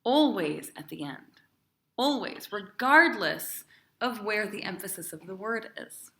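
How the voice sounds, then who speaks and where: A bright, ringing woman's voice teaches a class in an echoey room. She is a cantor, chatty and encouraging, and keeps asking her students questions. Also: medium pitch, very animated, unhurried, gravelly. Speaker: cantor teaching Torah cantillation.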